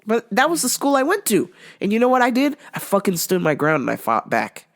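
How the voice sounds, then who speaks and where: A woman from the United States hosts a casual podcast and tells a comic story. She swears freely. Her pitch leaps up and down as she talks, and she sounds animated throughout. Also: fairly quick. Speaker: podcast host.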